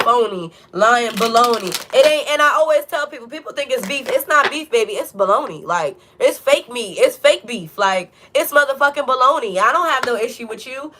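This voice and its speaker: A woman's voice: a little high, a bit bright. A young woman giving a tarot reading as a blunt, profane pep talk, preaching about self-acceptance. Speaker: tarot reader.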